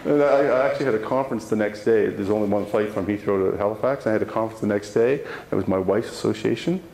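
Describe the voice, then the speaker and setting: A man giving a live motivational talk to an audience, telling a personal story with animated delivery and frequent restarts. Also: fairly low pitch, fast. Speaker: motivational speaker. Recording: roomy hall sound, faint background noise.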